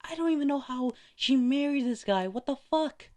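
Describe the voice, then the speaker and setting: A furious young nurse swears and rants in a voice pushed well above his normal pitch, as a male storyteller puts her on. She sounds exasperated and fed up, and her loud outbursts cut through the slow telling. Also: big pitch swings, full character voice. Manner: foul-mouthed, shouting, exasperated.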